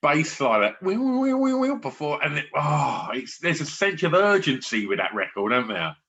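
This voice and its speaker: A middle-aged man hosting a podcast interview in a casual, chatty way, sometimes lively, often trailing off low. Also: normal speed, breathy edge. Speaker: podcast host. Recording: dull lo-fi sound.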